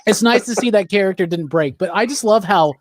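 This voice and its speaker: A man co-hosting a movie review podcast in casual chat, animated and swearing, acting out lines from the film. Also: high-pitched, a little fast, no room sound, clean studio sound. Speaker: podcast co-host.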